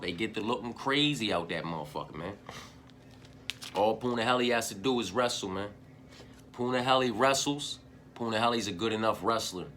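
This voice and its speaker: A man giving a profane fight preview, swinging from shouted hype to low, muttered repetition. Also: a little hiss or hum. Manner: heavy profanity, repeats phrases. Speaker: MMA fight analyst.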